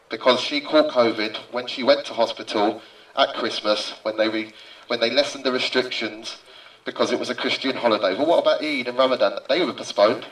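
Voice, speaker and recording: A male psychiatric nurse hosting a rally, speaking haltingly and emotionally. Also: mid-range voice, fairly bright tone, reverberant, recorded from a distance, poor audio. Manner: emotional, halting, holding back tears. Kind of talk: rally speech and speaker introductions. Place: outdoor street rally.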